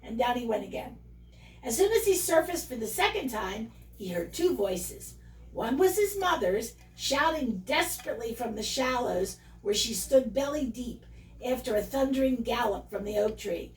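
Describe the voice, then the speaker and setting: A woman reading a children's story aloud with expressive narration. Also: fairly high pitch, normal speed, recorded from a distance. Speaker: audiobook reader. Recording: echoey room, away from mic.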